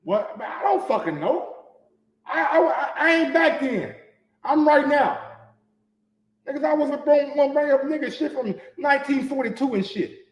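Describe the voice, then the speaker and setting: A man hosting a sports commentary show, ranting casually with lots of profanity and swinging between low mutters and loud shouts, in a manner. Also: animated, normal speed, reverberant.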